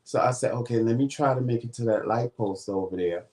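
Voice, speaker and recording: A man's voice: medium pitch, brisk, darkish tone. A man hosting a vlog, casually retelling a story and acting out the quoted dialogue. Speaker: vlog host.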